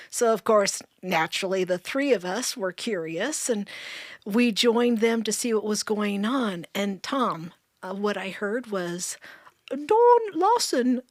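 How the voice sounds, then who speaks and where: A middle-aged woman telling her story in a casual chat, earnest and warm, laughing often. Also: mid-range voice, no echo, studio quality. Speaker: storyteller guest.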